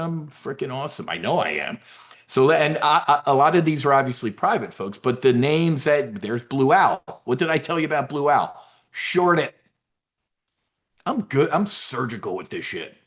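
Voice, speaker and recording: Brief: cocky male market commentator, rambling, full of himself, off-the-cuff delivery. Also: medium pitch. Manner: brash, boastful, rambling. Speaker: trading newsletter host.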